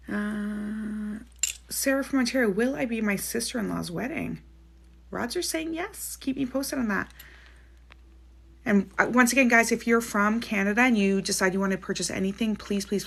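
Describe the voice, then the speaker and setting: Chatty woman with a gravelly edge. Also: medium pitch. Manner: chatty, quick to laugh, frequent "like"; reads out questions and answers each. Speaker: psychic medium. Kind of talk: live-stream reading of viewer questions.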